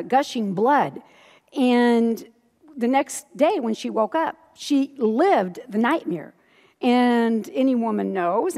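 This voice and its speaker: A middle-aged woman pastor delivers a sermon in a fairly high voice, acting out quoted lines and laughing often as she tells the story. Her voice rings with the long reverb of a large church hall.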